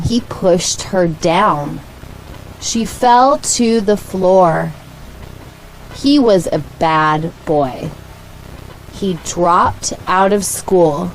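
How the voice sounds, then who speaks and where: A woman with an American accent reading short English sentences aloud for learners, slowly and with clear enunciation. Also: mid-range voice, slight background noise, poor audio. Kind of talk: slow, deliberate read-aloud for learners.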